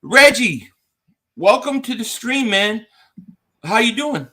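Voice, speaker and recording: A man hosting a live sports call-in stream, talking casually and excitedly with frequent repeated words. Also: very high voice, takes it slowly.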